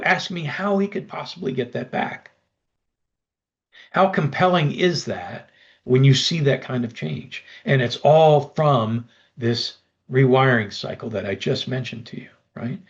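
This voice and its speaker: A man presenting a webinar pitch, persuasive and speaking straight to the listeners. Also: lo-fi sound. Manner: persuasive, addresses listeners directly.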